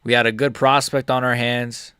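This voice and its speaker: A young man reacting live to a fight for his viewers, swinging between yelling insults and muttering in frustration, swearing heavily and talking to viewers by name. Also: medium pitch, little pitch movement, moderate pace, clear, resonant tone, no echo, clean studio sound. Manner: swings between angry shouting and muttered grumbling, heavy swearing. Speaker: MMA streamer reacting live.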